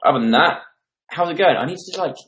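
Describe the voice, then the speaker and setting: A man's voice: on the high side, expressive, a little fast, fairly bright tone, echoey room. A young man in his twenties hosting a casual live stream from home, chatting and rambling through viewer comments on a desk microphone. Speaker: livestream host. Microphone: desktop microphone.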